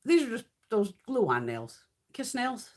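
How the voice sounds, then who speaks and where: A woman in her fifties chatting on her own livestream, with a voice that is fairly high and swings widely in pitch. She swears hard and rants bluntly, sounding fired up. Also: very animated, takes it slowly. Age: 50s. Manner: profane, blunt ranting. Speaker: beauty livestream host. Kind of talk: casual livestream chat. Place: home, mountain area.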